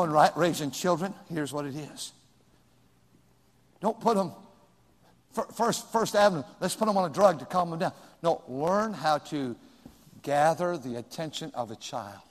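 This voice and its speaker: A middle-aged male pastor preaching a sermon, swinging between loud exclamations and hushed, close remarks. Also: high voice. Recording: long hall reverb.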